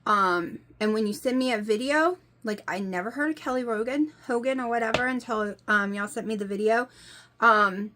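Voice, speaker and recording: Exasperated forties woman, high voice. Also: moderate pace, sharp tone, slight background noise. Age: 40s. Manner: exasperated, rambling and emphatic. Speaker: vlogger. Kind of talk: casual talk to camera.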